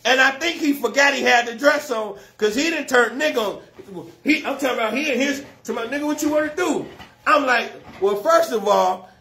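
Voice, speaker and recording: A man doing stand-up comedy, telling a story loudly and with lots of slang and swearing, often laughing at his own jokes. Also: very high-pitched. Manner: profane and slangy.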